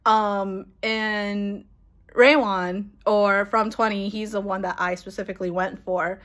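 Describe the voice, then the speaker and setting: A young woman telling an excited, rambling story in casual chat, laughing and swearing as she goes. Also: mid-range voice, unhurried. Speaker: vlogger.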